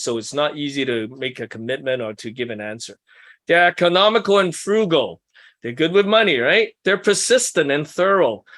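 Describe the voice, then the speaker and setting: With a medium-pitched, fairly bright voice, a man runs a small-group workshop for ministry couples. His teaching style is casual: he puts questions to the group and drops in self-deprecating asides.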